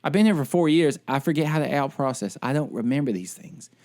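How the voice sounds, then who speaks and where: Male podcast co-host, worked-up storyteller with a higher-than-usual voice. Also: fast. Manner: animated ranting storyteller. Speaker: military service member. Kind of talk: casual podcast chat.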